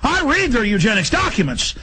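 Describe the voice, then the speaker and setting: A man hosting a talk radio show, ranting rapidly in an agitated, emphatic way. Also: very high voice, huge pitch swings, pushed and bright, husky, rough recording.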